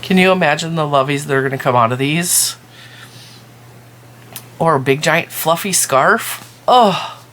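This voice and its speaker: A woman making a casual, chatty vlog, excitedly showing yarn to her viewers at home. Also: low-pitched, unhurried, long pauses, slight background noise. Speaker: crochet and yarn vlogger. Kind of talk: casual show-and-tell vlog.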